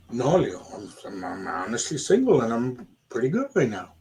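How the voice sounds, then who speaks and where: Animated man telling a story. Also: on the high side, fairly quick, slight background noise. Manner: animated, acts out quoted dialogue. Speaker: radio show host. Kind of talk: casual storytelling chat.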